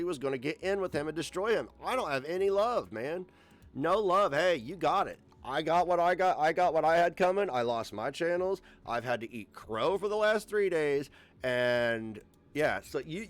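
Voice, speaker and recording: A man ranting on a livestream, profane, combative and sarcastic. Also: a little high. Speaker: livestream host.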